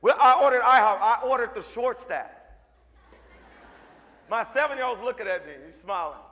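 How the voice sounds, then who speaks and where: A man giving a motivational speech to a live audience, telling comic stories and acting them out with bursts of shouting. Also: very high voice, moderate pace, in a large hall. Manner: animated, acts out voices and shouts. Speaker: motivational speaker.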